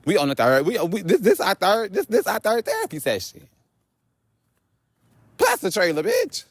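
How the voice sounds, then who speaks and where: A man vlogging outdoors on a walk, telling a story in an animated, profane rant. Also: sits high, moderate pace, breathy edge, no room sound. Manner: animated, profane, laughing asides.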